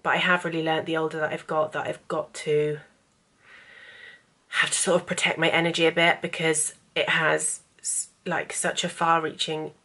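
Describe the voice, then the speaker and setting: Low-voiced woman in a tearful vlog. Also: flat delivery, moderate pace, pushed and bright. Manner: chatty, candid, drifts into emotional rambling. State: tearful, emotional. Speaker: vlogger and author. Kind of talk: casual talking-head vlog.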